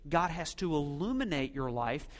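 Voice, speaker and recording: A man preaching a sermon in a church, swinging between loud emphatic questions and hushed, near-whispered lines. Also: on the high side, sing-song, moderate pace, big-room sound. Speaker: pastor.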